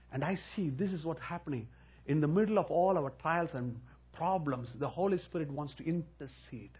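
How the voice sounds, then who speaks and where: Husky preacher man, lively delivery. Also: on the high side, normal speed, dull audio. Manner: storytelling, rising to loud emphatic preaching. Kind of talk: sermon with testimony.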